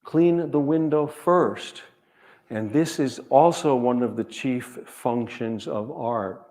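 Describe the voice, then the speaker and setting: A man, an author, speaking to an audience in a measured, earnest way, telling stories and repeating key phrases. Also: medium pitch, darkish tone. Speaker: author giving a reading and talk. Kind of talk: reflective storytelling talk to an audience.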